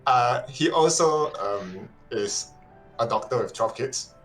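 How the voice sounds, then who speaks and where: A man describing his character for a tabletop game, hesitant and full of pauses. His voice is in a middle range, and faint music plays behind him. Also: medium pitch, animated. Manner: hesitant, lots of ums. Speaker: player. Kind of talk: casual character intro.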